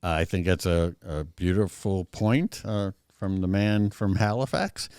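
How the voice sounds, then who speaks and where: Opinionated deep-voiced male co-host. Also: measured pace, darkish tone, clean tone, no echo, studio quality. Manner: opinionated, talks in bursts with restarts. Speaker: podcast co-host. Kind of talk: casual sports chat.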